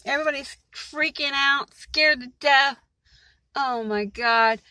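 A woman's voice: high-pitched, fairly even intonation, measured pace, sharp tone, no room sound, low-quality recording. A woman vlogger from Maryland rambling in a casual, agitated and exasperated way about her day. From Maryland, USA.

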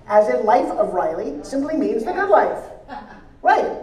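A woman's voice: fairly high pitch, unhurried. Woman speaker on stage, roomy and distant. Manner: energetic, joking, audience-engaging. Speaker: motivational speaker teaching pitching. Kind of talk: live seminar speech to an audience. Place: large event hall on stage. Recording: roomy hall sound from a distance.

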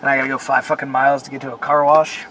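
Young man, casual vlog rant, swearing, rambling fillers, middle pitch, in a car, air conditioning and traffic noise. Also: little pitch movement, racing, a bit bright, rough recording. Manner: frustrated, cursing, rambling with fillers. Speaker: vlogger. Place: in a car at a car wash.

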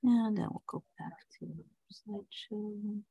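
A woman co-hosting a casual online English class. She talks haltingly, with fillers, while handling links. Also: mid-range voice, gravelly, warm tone, husky, dry recording.

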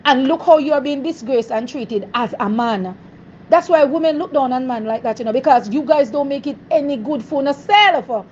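A woman's voice: high voice, moderate pace, a little mellow, dull audio, a little hiss or hum. A woman with a Jamaican accent scolds someone emphatically, lecturing in a street commentary.

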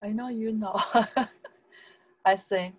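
Slow-talking Chinese-accented woman teacher. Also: medium pitch, fairly even intonation, darkish tone, slightly rough, low-quality recording. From China. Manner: chatty, repeats words slowly for learners, laughs often, broken English. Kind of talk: casual online language lesson.

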